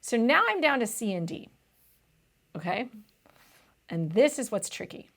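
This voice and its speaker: A woman's voice: a little high, big pitch swings, measured pace, creaky, fairly bright tone. A young woman tutor explaining test questions in a chatty, casual way, often saying "vibe" and "like".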